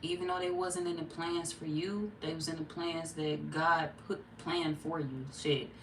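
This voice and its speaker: Woman tarot reader, low voice, chatty and slangy, laughs a lot. Roomy, off-mic sound. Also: steady tone, unhurried, a bit bright, slight background noise. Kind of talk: casual tarot reading to viewers. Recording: roomy echo, distant mic.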